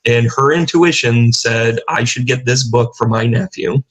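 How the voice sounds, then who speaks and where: A man's voice: medium pitch, unhurried, breathy edge, low-quality recording. A middle-aged man, a guest on a talk show, telling stories in a rambling way with many restarts and fillers. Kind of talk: casual interview talk.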